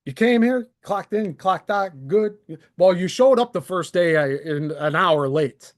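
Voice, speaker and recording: A man's voice: sits high, a little slow. A man in his thirties, a channel host, delivering an angry, sarcastic, profane solo rant to camera into a desk microphone. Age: 30s. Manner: heated, sarcastic, profane, very animated.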